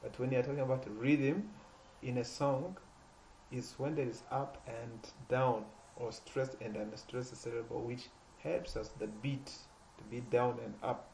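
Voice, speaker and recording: Halting man teaching a poetry lesson. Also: fairly even intonation, vocal fry, darkish tone, a little hiss or hum, low-quality recording. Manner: halting, repeats and restarts words, stresses words with rising pitch. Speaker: literature teacher.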